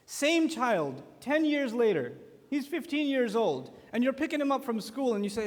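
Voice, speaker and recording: A man speaking at a youth conference, giving a religious lecture with animated storytelling and acted-out quotes. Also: very high voice, normal speed. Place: large conference hall. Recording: long echo of a large conference hall.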